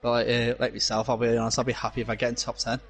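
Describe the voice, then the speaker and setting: A man's voice: medium pitch, monotone, rapid-fire. A man from Glasgow co-commentating a sim-racing event live, hesitant and full of fillers as he jokes with his co-host. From Glasgow, Scotland. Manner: hesitant, with frequent fillers and restarts. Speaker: race co-commentator.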